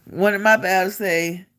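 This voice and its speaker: Animated woman telling a story. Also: mid-range voice. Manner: animated, acts out quotes, laughs while telling. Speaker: vlogger. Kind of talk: casual storytelling.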